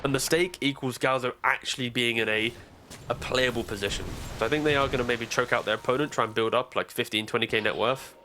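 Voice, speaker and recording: A man's voice: mid-range voice, steady tone, quick pace, sharp tone, a little hiss or hum. A man commentating live esports, giving casual, chatty analysis in a broadcast booth on a headset mic.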